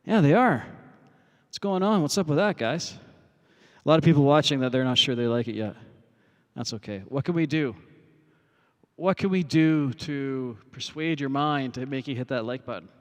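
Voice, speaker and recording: Medium-pitched and at normal speed, his voice trails a long reverb tail as he hosts a music livestream on a phone in an outdoor parking lot. Slightly out of breath from playing, he rambles casually, full of profanity and fillers.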